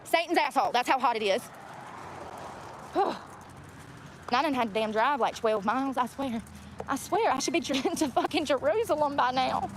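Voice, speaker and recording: This young woman's high, animated voice keeps a normal speed but breaks into long pauses. She's venting bluntly, with plenty of swearing, at viewers while filming beside a road, and traffic can be heard clearly.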